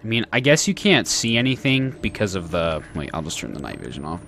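A man gives let's play commentary on a horror game, his pitch jumping around a lot as he reacts. He is chatty and often speaks straight to the characters on screen. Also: sing-song, fairly quick, background noise. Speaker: gaming channel host.

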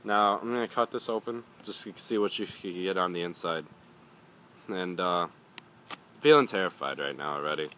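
A young man talks through a hot pepper review in a loose, rambling vlog, cursing freely and grumbling as he goes. His voice sits low but sounds bright and forceful, with crickets chirping faintly behind him outdoors. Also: normal speed, a little hiss or hum. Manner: rambling, swears often, grumbling. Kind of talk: casual vlog talk.

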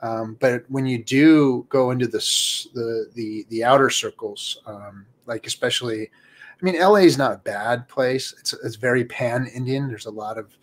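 A man's voice: medium pitch, moderate pace. A man in a casual panel discussion, talking emphatically and repeating points for stress. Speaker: host. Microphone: video call.

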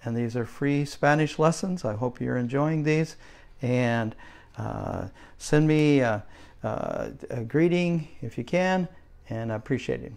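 A man teaching a beginner language lesson in a slow, patient way, checking in with "okay?" as he goes. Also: medium pitch, creaky, darkish tone. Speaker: Spanish teacher.

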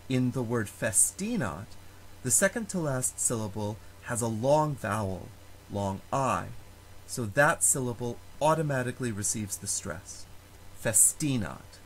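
A man at an ordinary pitch gives a recorded Latin lecture, his voice rising and falling in a lively way as he works through the rules. He explains slowly and with care, sounding out each example word, over a faint hiss of background noise. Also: rough recording. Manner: slow, careful explanation with spoken examples. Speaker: Latin teacher.

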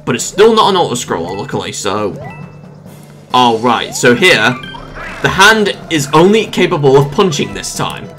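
A let's-play gamer giving casual gameplay commentary, excitable, often exclaiming and laughing, with rambling jokey asides. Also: mid-range voice, moderate pace, faint music behind.

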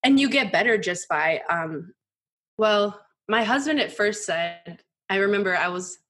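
A woman in her thirties, a poker journalist as guest, telling candid stories in a casual, animated way with many "like" fillers. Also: fairly low pitch, unhurried. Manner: animated, frequent "like" fillers, mimics voices in quotes. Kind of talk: candid conversational storytelling.

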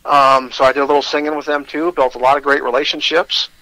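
A man's voice: medium pitch, little pitch movement, fast talker, bright, forceful tone, poor audio. A man with a Michigan accent, telling his personal story as a radio guest, candid and self-deprecating, with hesitant restarts.

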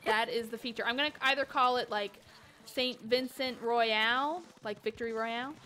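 A woman hosting a charity game stream, chatting casually and reading donation messages aloud with excitement. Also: on the high side, moderate pace. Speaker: host.

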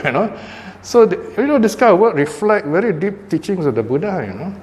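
An older Buddhist teacher gives an informal dharma talk, speaking fairly quickly in a mid-range, darkish voice with lively intonation. He talks conversationally, checking in with "you know" and "right?", and the hall adds reverb and faint ambient noise.

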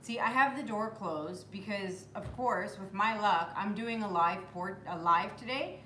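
A woman's voice: medium pitch, measured pace, pushed and bright, roomy sound, a little hiss or hum. A woman hosting a live stream from home, chatting casually, greeting viewers by name and cooing at her puppy. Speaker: acrylic pour artist hosting a live stream. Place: home room with the door closed.

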